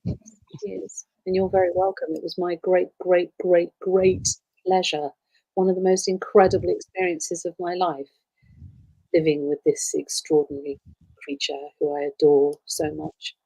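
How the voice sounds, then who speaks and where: A woman's voice: lowish voice, little pitch movement, normal speed, vocal fry, dry recording, rough recording. Chatty woman signing for fans. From Wales. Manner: warm, gushing, with many ums and soft trailing asides. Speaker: voice actress signing prints for fans. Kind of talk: casual livestream chat.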